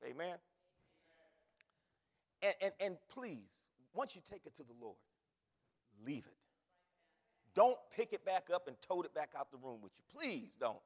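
A male pastor preaches in a high, animated voice, dropping low and quiet and then rising to shouts. His words ring out with the long reverb of a big hall. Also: husky. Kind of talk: sermon.

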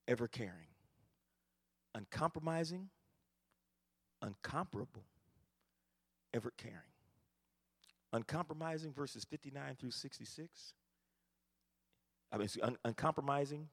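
A pastor preaching a sermon, moving from quiet teaching to shouted fervor. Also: male voice, mid-range voice, creaky.

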